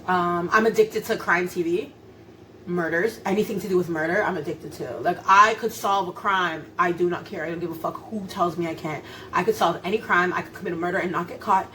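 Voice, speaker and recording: A woman's voice: lowish voice, fairly quick, pushed and bright, a little hiss or hum. A young woman vlogging at home while cooking, chatty and laughing, swearing casually. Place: home kitchen.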